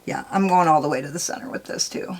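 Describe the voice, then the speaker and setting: A woman's voice: low-pitched, fast, gravelly. A woman makeup vlogger telling a rambling, profane story while doing her makeup, peppering her talk with "like" and "dude".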